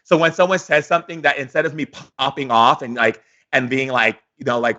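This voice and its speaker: A man giving a daily spiritual lesson as a shaman, speaking theatrically with slow pauses and acted-out dialogues. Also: medium pitch, level tone, pushed and bright, lo-fi sound.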